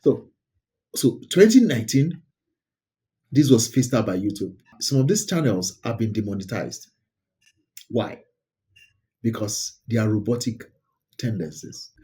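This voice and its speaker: A YouTube creator hosts a casual screen-share commentary on online videos, speaking emphatically and often repeating words for stress. His lowish, mellow voice has lively intonation and a measured pace broken by long pauses.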